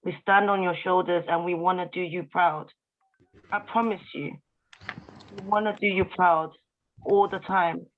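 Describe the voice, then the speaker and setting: A woman's voice: fairly low pitch, fairly even intonation, a little slow, long pauses, slight background noise. A woman giving an emotional, heartfelt tribute speech, addressing her listeners directly. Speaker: guest speaker at a tribute event. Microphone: video call. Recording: tinny video-call audio.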